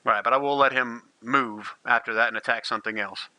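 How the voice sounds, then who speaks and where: A man in the game master's seat, narrating a tabletop battle with vivid, gleeful relish. His voice is very bright and forward. It sounds close and dry, with no room around it. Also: medium pitch, fairly even intonation, a little fast, dry recording, poor audio.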